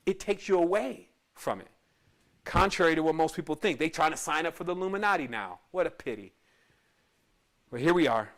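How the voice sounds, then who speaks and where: A man's voice: high-pitched, fairly bright tone. A man who teaches spirituality tells a personal story in a casual, rambling way, often restarting and adding asides.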